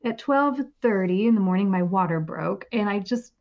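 A woman in her forties, a podcast guest, telling her story in a casual, animated way and laughing often. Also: medium pitch, moderate pace, dull audio. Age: 40s.

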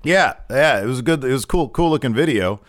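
A man's voice: mid-range voice, animated, fast talker, no room sound, clean studio sound. A man co-hosting a wrestling podcast, recapping matches in casual chat with many restarts and fillers. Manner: rambling, frequent restarts and fillers.

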